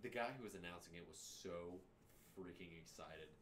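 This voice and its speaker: A man hosting a casual podcast chat, laid-back, laughing often and trailing off quietly. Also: sits low, normal speed, slight background noise. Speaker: podcast host.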